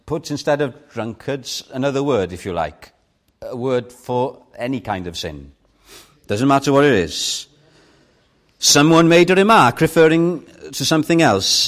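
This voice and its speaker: A man preaching a sermon as pastor, acting out a story with big swings from loud, impassioned calls to quiet, intimate pleas. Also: animated, measured pace. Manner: dramatic, swings from booming to hushed.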